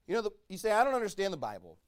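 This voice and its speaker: A male pastor preaching a sermon, reading scripture slowly and swinging between loud shouted calls and low quiet asides. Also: wildly swooping pitch. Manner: reads scripture in slow, drawn-out cadence.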